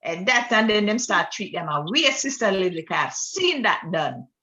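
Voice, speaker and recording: A woman in a religious group discussion, affirming and testifying in a lively way. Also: mid-range voice, moderate pace. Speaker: study group member.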